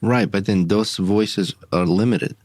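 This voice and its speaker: A man's voice: fairly low pitch, fairly even intonation, unhurried, a little mellow, no echo, studio quality. A man co-hosting a podcast in casual chat, brash and joking, swearing casually. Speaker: podcast co-host. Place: podcast studio.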